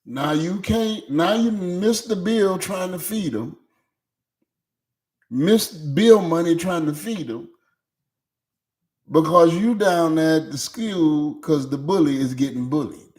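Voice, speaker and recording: A middle-aged man, a pastor preaching an energetic sermon. He speaks emphatically and keeps asking the congregation questions. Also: fairly high pitch, slow. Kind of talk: energetic sermon with call-and-response. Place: church sanctuary.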